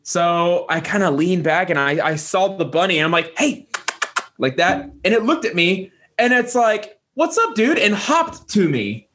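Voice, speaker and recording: A young man co-hosting a podcast, telling a casual story and jumping into squeaky voices for animals. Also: animated, moderate pace, fairly bright tone. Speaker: podcast co-host.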